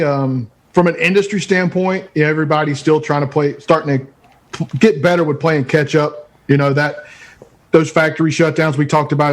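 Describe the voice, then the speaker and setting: A man guest on a podcast, speaking in an easygoing, matter-of-fact way about his trade. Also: fairly high pitch. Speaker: guest, cigar retailer. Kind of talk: casual chat.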